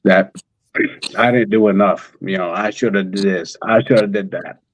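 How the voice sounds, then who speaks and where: A man talking in an emotional conversation, halting and repeating words as he speaks through tears. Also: lowish voice, steady tone, no echo, low-quality recording. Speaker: guest, father of a missing daughter.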